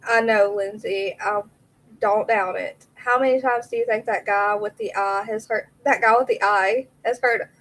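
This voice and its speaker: A woman's voice: medium pitch, steady tone, normal speed, a bit bright, a little hiss or hum, rough recording. A woman hosting a true crime live stream, chatting casually, answering viewers by name and reading messages aloud.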